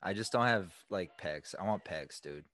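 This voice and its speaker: A man's voice: deep voice, lively intonation, moderate pace, a bit bright. A young man co-hosting a podcast, telling stories in a laid-back, slangy way, worn out from long workdays. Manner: laid-back slangy storytelling, says dude and bro. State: tired and worn out. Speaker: podcast co-host. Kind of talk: casual chat.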